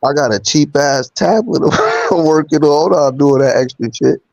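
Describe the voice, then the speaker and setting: A man's voice: on the high side, expressive, moderate pace, gravelly, darkish tone, no echo, highs cut off. A man calling into a casual online chat, easygoing and slangy.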